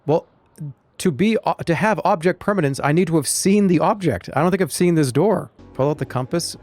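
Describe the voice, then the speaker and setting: A man's voice: on the high side, fairly quick, a little mellow, no room sound, soft background music. Rambling, jokey male streamer. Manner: rambling, jokey, talks to chat. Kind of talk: live gaming commentary.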